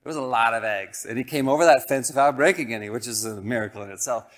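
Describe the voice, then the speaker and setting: A man who grew up in Colorado, a pastor preaching a sermon through a lively, self-deprecating personal story, acting out the voices of the people in it. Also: medium pitch, fast talker. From Colorado, United States. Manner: animated, self-deprecating, acts out quoted voices.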